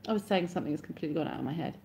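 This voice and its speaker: A woman's voice: sits low, expressive, rapid-fire, creaky, mellow, slight background noise. A woman in her thirties, chatting casually on a live stream and answering viewers' comments as they come in.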